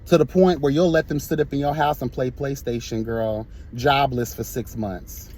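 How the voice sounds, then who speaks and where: At a normal speed and medium pitch, a man with a steady, somewhat mellow voice rants sassily and with passion while driving, filming himself on a phone as a vlogger. He's emphatic in his straight talk and keeps saying "girl" to his listeners.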